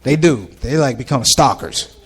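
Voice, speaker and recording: A man's voice: medium pitch, moderate pace, slightly rough. A man telling stand-up stories to a live ballroom audience in a casual, conversational way, jumping in and out of voices. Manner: conversational, animated, jumps between voices. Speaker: stand-up comedian.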